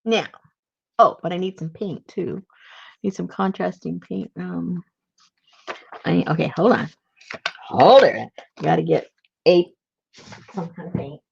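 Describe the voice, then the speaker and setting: A woman's voice: on the low side, a little slow, creaky, long pauses, a little mellow, breathy edge, dull audio. A woman hosting a casual craft livestream, chatty and laughing often at her own mess.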